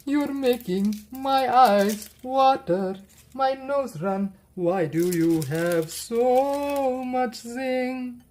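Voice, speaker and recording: A woman's voice: fairly high pitch, drawn-out words, darkish tone, slight background noise. A woman hosting a cooking livestream, chatting playfully and chanting silly sing-song phrases as she cooks.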